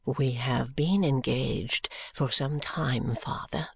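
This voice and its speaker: Meek young son, soft pleading tone, slow and hesitant, dry close sound; a reader plays him. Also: mid-range voice, dry recording. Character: meek young man, dutiful submissive son. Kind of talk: audiobook character reading.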